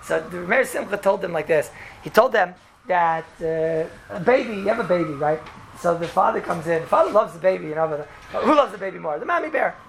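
A man giving an informal Torah talk to students, telling stories in a rambling, animated way with many fillers and laughs. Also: sits high, fairly quick, vocal fry. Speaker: yeshiva lecturer. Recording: echoey room with background noise.

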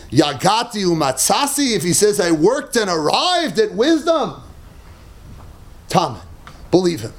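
A man gives a Talmud lecture to a class in a very high voice. His pitch leaps up and down as he makes his points with animated emphasis. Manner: animated and emphatic, mixing Hebrew and Aramaic terms, laughing at his own points. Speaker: Torah teacher.

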